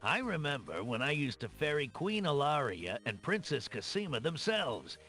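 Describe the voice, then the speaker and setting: An actor playing a weary older island ferryman with a Brooklyn accent and a gruff, folksy way of talking. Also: on the high side, very animated, moderate pace, fairly bright tone. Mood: wistful. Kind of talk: 1990s computer game voice acting. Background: game music.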